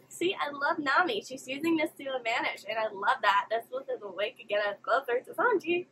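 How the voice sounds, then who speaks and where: A high-pitched woman talks through an anime episode as she watches it, gasping and exclaiming at each turn. She records at home on a desktop mic. A faint room noise runs underneath. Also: brisk, few pauses, poor audio. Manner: expressive, exclaiming and gasping at the screen. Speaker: anime reaction host. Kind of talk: live reaction commentary.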